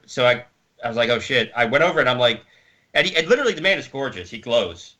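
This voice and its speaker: A man with a bright, forceful voice tells stories over a video call. He talks casually, swears freely and acts out the people he quotes with lively energy. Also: medium pitch, quick pace. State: hard of hearing. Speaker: interview guest. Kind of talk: casual storytelling.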